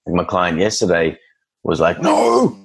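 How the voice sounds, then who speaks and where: Brief: deep, husky man; dog trainer telling lively client stories in casual talk. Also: fairly quick, poor audio. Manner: animated storyteller acting out clients and dogs. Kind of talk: casual podcast chat.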